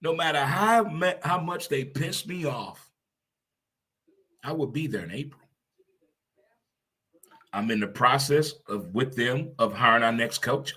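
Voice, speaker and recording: Casting: middle-aged male talk host, lively, bright husky tone, loud laugher. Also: mid-range voice, a little slow. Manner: animated, laughs loudly, swears casually. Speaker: show host. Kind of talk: casual morning talk show.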